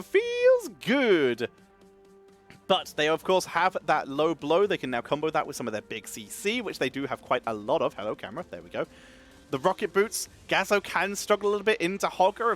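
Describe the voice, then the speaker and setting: A man casting a live esports match, energetic and chatty, wired on caffeine and thanking subscribers between calls of the play. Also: on the high side. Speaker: esports caster.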